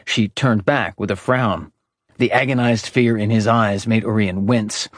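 A man's voice: lowish voice, unhurried, dry recording, studio quality. A man narrating fiction in a scripted audiobook reading, switching between character voices. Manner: lively, character-voicing narration.

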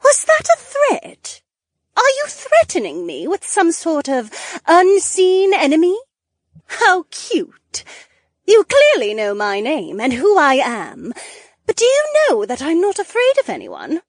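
A woman's voice: high-pitched, dry recording, studio quality, heavily acted. A woman voicing a cruel, gloating duchess villain in an audiobook, with a mocking, menacing purr. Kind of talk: audiobook character voice.

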